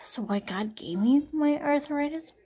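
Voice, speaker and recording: A woman's voice: high-pitched, lively intonation, unhurried, mellow. A woman in her forties talking anxiously to camera in a personal late-night vlog, sighing often and trailing off. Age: 40s. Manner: anxious, frequent sighs, trailing off. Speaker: vlogger.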